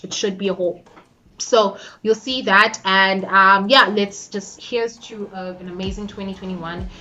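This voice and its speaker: A woman's voice: medium pitch, fairly even intonation, unhurried, sharp tone, lo-fi sound, slight background noise. A woman chatting casually in a get-ready-with-me vlog, giggly and playfully hyping herself up. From South Africa. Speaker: YouTuber.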